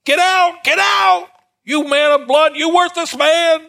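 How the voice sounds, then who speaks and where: A man voicing a wild, rock-throwing madman who shouts curses from a ridge, with a South Carolina accent. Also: unhurried, vocal fry, full character voice. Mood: ranting. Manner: shrill, shouting, frantic.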